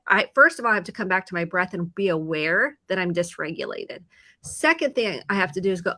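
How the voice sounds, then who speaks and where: A woman therapist with a Midwestern American accent, calmly explaining and acting out inner thoughts in a casual video chat. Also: medium pitch, brisk. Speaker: therapist guest. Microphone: video call.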